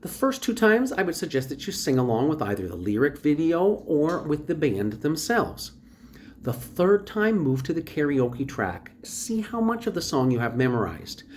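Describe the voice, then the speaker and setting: A woman teaching a recorded voice lesson, explaining exercises and practice steps in a clear, instructive way. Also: low-pitched, darkish tone, a little hiss or hum.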